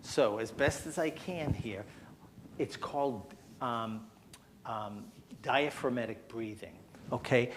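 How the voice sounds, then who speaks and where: Speaking slowly in a mid-range voice, this presenter guides a church hall health seminar through a breathing exercise. He demonstrates each step, encourages listeners to try it, and keeps asking "okay?" There's slight background noise.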